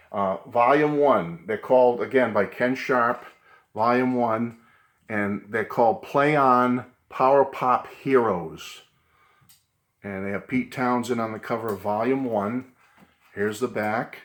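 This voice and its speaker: A man with a Boston accent hosting a casual video lesson, chatty and fond of repeating himself. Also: mid-range voice. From New England. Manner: chatty, repeats "okay" and "great book". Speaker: video host.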